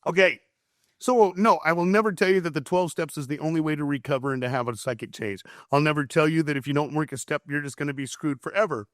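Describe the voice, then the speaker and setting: A man's voice: fairly high pitch, quick pace, fairly bright tone, no room sound, studio quality. A man speaking as a recovery counselor guest, frank and impassioned, who repeats words while he searches for them. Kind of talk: earnest conversational storytelling.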